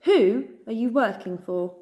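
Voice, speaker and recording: Woman voicing a sharp, suspicious hedgehog matriarch. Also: lowish voice, fast talker, lo-fi sound, lightly acted. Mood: snapping. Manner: sharp, interrogating, scoffing. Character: stern suspicious female hedgehog leader.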